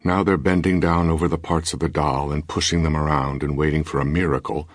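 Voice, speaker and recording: A man reading a novel aloud in a measured, wry first-person narration, on a close studio mic. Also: rumbling low, steady tone, dry recording. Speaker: audiobook narrator. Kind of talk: scripted narration. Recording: dry studio booth.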